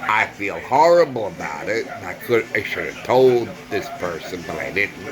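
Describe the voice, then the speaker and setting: Man, low voice, slow and earnest, vlog monologue over crowd chatter. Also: big pitch swings, poor audio. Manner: earnest, repetitive, searching for words. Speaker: vlogger. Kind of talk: personal monologue.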